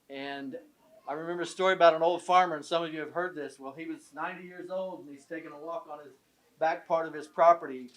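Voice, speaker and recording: An older man from southern Illinois giving a folksy, joking speech at a tribute event in an event room. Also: a little high. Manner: folksy, joking, self-deprecating. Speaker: guest speaker at a tribute event. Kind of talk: after-dinner speech with jokes and stories.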